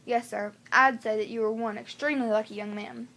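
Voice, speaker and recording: A woman voicing a short male hospital doctor, calm, matter-of-fact and reassuring. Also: fairly high pitch, fairly quick, creaky.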